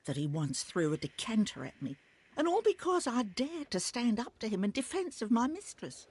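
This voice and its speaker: A woman's voice: on the high side, big pitch swings, normal speed, a little mellow, husky. An actress voicing a loyal female servant in a period video game, speaking formally with bitter contempt for her late master.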